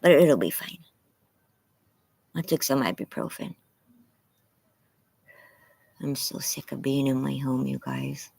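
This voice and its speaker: A woman with a sore throat chatting casually on a livestream from her front yard, soft, weary and apologetic. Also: rumbling low, fairly even intonation, slow, gravelly, long pauses, slightly rough. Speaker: livestream host.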